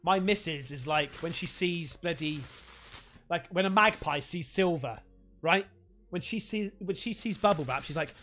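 A man live-streaming, excitedly thanking donors by name and unboxing gifts, swearing freely. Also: a little high, a little slow, pauses often, slight background noise. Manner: excitable, sweary, calls everyone mate. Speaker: livestreamer.

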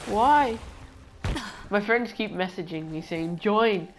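A woman giving chatty, excitable commentary while playing a video game with friends. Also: mid-range voice, a little hiss or hum. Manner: excitable, chatty, quick to shriek. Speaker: gamer making a video with friends. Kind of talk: casual gameplay commentary. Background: game music.

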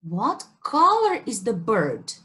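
Slow sing-song Brazilian woman teacher. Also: fairly high pitch, wildly swooping pitch, sharp tone. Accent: Brazilian Portuguese. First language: Portuguese. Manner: slow, exaggerated sing-song questioning for kids. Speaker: English teacher. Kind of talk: children's story time lesson.

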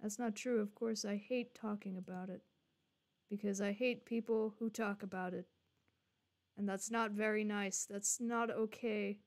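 A young woman streaming a game live, chatting and swearing casually to her viewers as she plays. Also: medium pitch. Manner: swearing, chatty, joking to chat.

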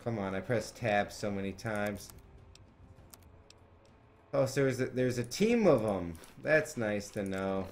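A young man streaming a video game live, talking to viewers and cursing loudly at enemies as he plays. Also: fairly low pitch, lively intonation, slow pace, long pauses, slight background noise. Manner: frustrated, swearing, yelling in bursts at the game. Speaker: let's play streamer. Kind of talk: live gameplay commentary.

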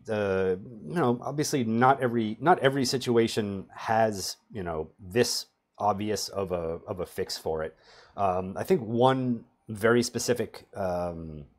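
This database performance trainer is a middle-aged man leading a screen-share tutorial in a relaxed way. He speaks with a fairly low, somewhat dark voice and leans on dry, self-mocking jokes.

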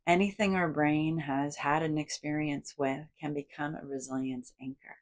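A woman's voice: sits low, steady tone, moderate pace. A woman psychologist giving a guided psychoeducation lesson, acting out inner thoughts with big, playful inflections. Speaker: psychologist and educator.

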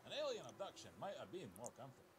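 A man's voice: mid-range voice, very animated, rapid-fire, close to an everyday voice. An actor playing a wry male bartender and self-styled adventurer in a video game, telling tall tales in a dry voice. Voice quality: dry, wry storyteller delivery. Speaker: bartender applicant.

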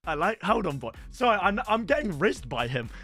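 A young man, hosting a gaming channel in an excitable, bantering, chatty way. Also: high voice, a little fast, faint music behind. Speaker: video game channel host. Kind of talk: casual gaming commentary.

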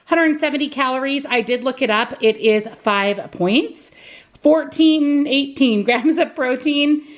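Chatty upbeat woman vlogger, slightly high voice. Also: measured pace. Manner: chatty and upbeat, talking to viewers. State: out of breath after a workout. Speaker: lifestyle vlogger. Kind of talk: casual vlog chat. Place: home garage and kitchen.

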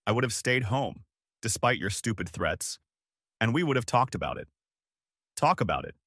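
A man's voice: medium pitch, big pitch swings, normal speed, a bit bright, slightly rough, no echo. A man reading the lines of an angry wife accusing her husband, in a dry recording. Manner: snarling, accusing.

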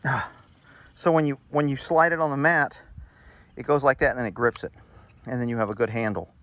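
A man chats outdoors by his horse paddock in a casual vlog, talking things through step by step. His voice sits at an ordinary middle pitch. He explains in a loose, unhurried way. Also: steady tone, a bit bright. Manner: chatty, explains step by step, scolds pets playfully. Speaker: horse owner vlogger.

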